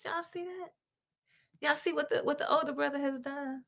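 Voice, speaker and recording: High-voiced woman preaching emphatically. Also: steady tone, normal speed, creaky, a bit bright. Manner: emphatic, full of rhetorical questions; colloquial, with repeated restarts. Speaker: reverend and show host. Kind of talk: conversational preaching on a Bible passage.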